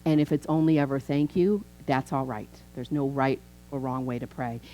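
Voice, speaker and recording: A woman in her fifties, a minister, preaching a chatty, animated sermon in a church. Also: a bass voice, normal speed, muffled recording, faint music behind. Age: 50s. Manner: animated, chatty, acts out quoted voices. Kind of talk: conversational sermon.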